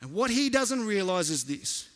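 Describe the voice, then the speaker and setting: A man preaching as a pastor, an animated storyteller who repeats lines for emphasis. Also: high-pitched, moderate pace. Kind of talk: sermon with storytelling.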